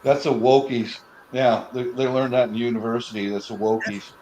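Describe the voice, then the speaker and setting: A man joining a stream as a guest, chatting casually in a gruff way and joking crudely. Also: medium pitch, little pitch movement, moderate pace. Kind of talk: casual chat. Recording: faint background noise.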